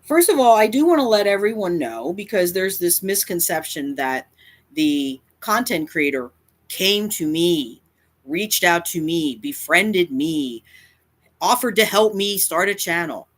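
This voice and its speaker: A cat advocacy YouTuber speaks to camera in an animated, unhurried medium-pitched voice, ranting confrontationally. The delivery is defiant and emphatic, with frequent repetition for effect.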